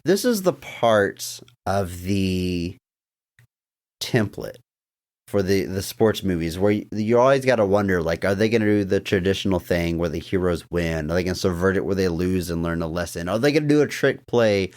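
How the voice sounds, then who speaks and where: A man's voice: deep voice, normal speed. A man co-hosting a casual podcast, retelling scenes with animation and chuckling as he goes. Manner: animated storyteller, laughs while retelling scenes. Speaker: podcast co-host.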